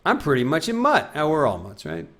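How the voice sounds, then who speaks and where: A man's voice: a little high, huge pitch swings, a little fast, a bit bright. A young man streaming a game live, chatting casually with his viewers and rambling, self-mocking, often trailing off into mumbles.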